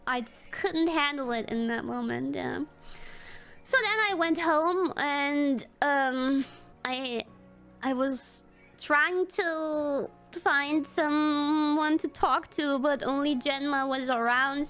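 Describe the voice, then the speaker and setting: A woman's voice: sits high, fairly bright tone. A woman streamer casually telling a personal story, rambling with lots of fillers, swearing and nervous little laughs.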